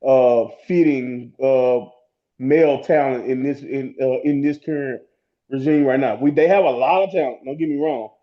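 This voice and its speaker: A man's voice: medium pitch, moderate pace. A man co-hosting a podcast, chatting casually about wrestling in a rambling way with lots of fillers and restarts. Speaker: podcast co-host. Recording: dull lo-fi sound.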